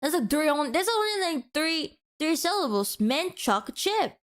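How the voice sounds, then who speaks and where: A woman's voice: sits high, sing-song, normal speed. A woman streamer giving a mock-passionate, teasing rant to her chat in a playful, dramatic way.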